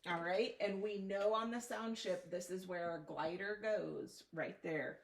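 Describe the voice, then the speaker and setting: Female tutor, unhurried clear phonics drilling, recorded from across a roomy space. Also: mid-range voice. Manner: patient, clear instructional prompting. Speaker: reading teacher. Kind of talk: one-on-one phonics lesson. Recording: roomy, distant mic with faint noise.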